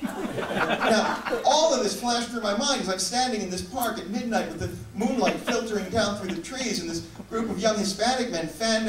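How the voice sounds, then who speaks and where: A man performing stand-up storytelling on a theater stage, wry and measured. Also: high-pitched. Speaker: stand-up comedian. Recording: echoey live theater from far off, loud noise.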